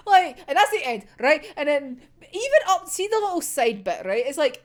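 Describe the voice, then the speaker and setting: A woman's voice: high-pitched, big pitch swings, moderate pace, hardly any pauses. A young woman chatting casually as a manga reaction vlogger, sweary and dramatic, laughing often and rambling with fillers. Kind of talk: casual chat.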